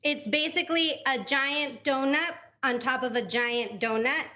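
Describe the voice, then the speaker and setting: A woman co-founder being interviewed on a talk show, upbeat and pitching her business in short punchy lines, heard over a dull remote video-call audio feed. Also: a little slow, sharp tone. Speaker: company co-founder guest.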